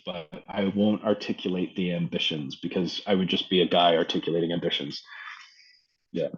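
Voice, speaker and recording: A man from Canada, a poet and filmmaker, talking thoughtfully in an interview with frequent ums and pauses. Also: low-pitched, steady tone, lo-fi sound. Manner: reflective, hesitant with many ums. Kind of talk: casual interview talk.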